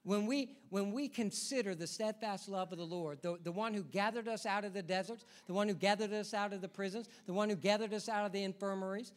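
A man preaching a sermon as pastor, swinging between hushed asides and loud, urgent calls, often repeating words and putting questions to the congregation. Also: high-pitched, a little fast, hardly any pauses.

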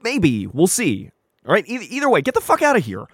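Exasperated man with a lively voice. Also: sits high, a little fast, slightly rough, no echo, studio quality. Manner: exasperated, swears freely. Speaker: game master and show creator. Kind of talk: casual podcast banter.

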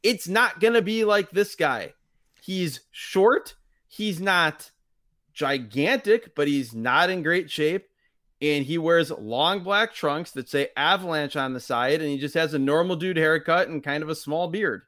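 A man's voice: a little high, unhurried, fairly bright tone. A man hosting a casual podcast, chatting wryly and dropping dry asides. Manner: wry, quotes lines in mock voices, dry asides. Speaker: podcast host. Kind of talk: casual chat reviewing old wrestling.

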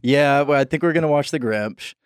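A man's voice: mid-range voice, a little fast, clear, resonant tone. A man guesting on a podcast, laid-back and goofy in casual chat.

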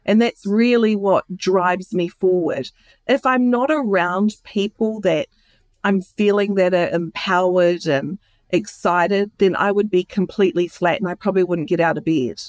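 This interview guest, a woman with a fairly low-pitched voice, recounts her own life earnestly and with heartfelt candor, frequently restarting. She keeps a measured pace, and there is no echo.

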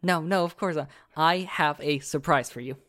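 A man's voice: on the high side, moderate pace, a bit bright, close to an everyday voice. A man voicing a giddy young woman blacksmith who stammers and repeats herself in a tabletop game. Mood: giddy, flustered. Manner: flustered, stammering, repeats words.

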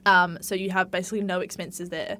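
A young woman co-hosting a casual chat, telling stories in a lively, laughing way. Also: fairly low pitch, fairly quick, a little hiss or hum. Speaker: co-host.

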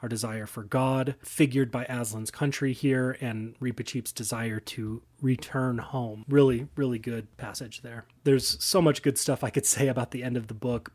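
A man's voice: medium pitch, fairly even intonation, normal speed, hardly any pauses, a little mellow. Earnest man chatting casually about books. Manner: earnest, enthusiastic, loose and conversational with frequent "kind of". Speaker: host. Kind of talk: casual book commentary.

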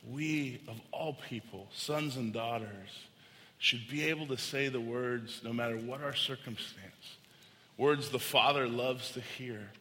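Guy preaching in a big echoey church, bright voice, real personal and earnest. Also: mid-range voice, measured pace. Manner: earnest, conversational, personal storytelling. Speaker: pastor. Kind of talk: sermon. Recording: long hall reverb.

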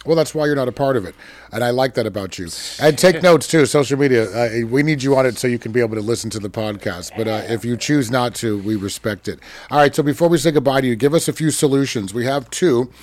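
A man's voice: mid-range voice, fast, no room sound. A man hosting a podcast interview, asking questions and affirming his guest. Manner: affirming, encouraging, steady. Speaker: podcast host. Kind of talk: casual interview talk.

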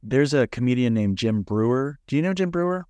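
A man hosting a podcast interview, teasing his guest in a deadpan, mock-serious way. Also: mid-range voice, normal speed, dry recording. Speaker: podcast host.

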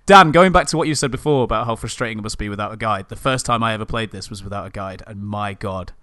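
A man's voice: lowish voice, quick pace, fairly bright tone, dry recording, studio quality. A man telling a game anecdote with frequent laughs. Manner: giggly, anecdotal. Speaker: podcast co-host. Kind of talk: casual chat about a video game.

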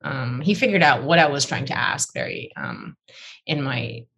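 A woman's voice: very deep voice, wildly swooping pitch, normal speed, gravelly, a bit bright. A woman poet in conversation, telling reflective, digressive stories about learning her craft and often restarting her phrases. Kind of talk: conversational storytelling.

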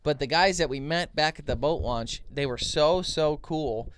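A man co-hosting a podcast, telling a long story in casual chat, rambling and animated with many restarts. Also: fairly high pitch, normal speed, clear, resonant tone. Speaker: podcast co-host.

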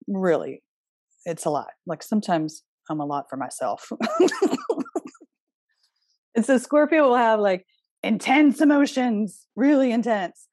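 A woman's voice: medium pitch, darkish tone, dry recording, clean studio sound. A woman giving an astrology talk in a casual, earnest way, pressing her point with emphatic rhetorical questions and the odd blunt swear word. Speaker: astrology speaker.

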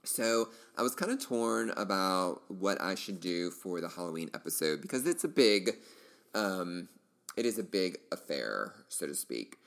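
A middle-aged man with a very low voice hosts his own podcast alone. He rambles in an easygoing, enthusiastic way, circling back through fillers and restarts as he goes. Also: very animated, a little slow, gravelly, fairly bright tone. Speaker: podcast host. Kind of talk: casual solo podcast chat.

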